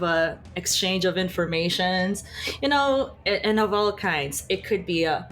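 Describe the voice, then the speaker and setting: A woman playing a tabletop game, speaking hesitantly with many fillers as she describes her character's background. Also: lowish voice. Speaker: player. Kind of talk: casual tabletop game talk.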